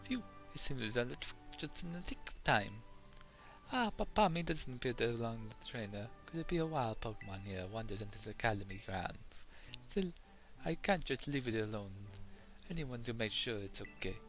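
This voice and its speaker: A man voicing an excitable, flustered young man with a put-on French accent, fretting and theatrical. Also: mid-range voice, moderate pace, faint music behind. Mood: frantic.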